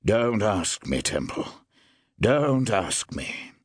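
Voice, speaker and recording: A man reading an audiobook voices a gruff, gloomy older male official who speaks curtly and wearily. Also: on the low side, big pitch swings, slow, dry recording, studio quality, heavily acted. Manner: gruff, curt, weary.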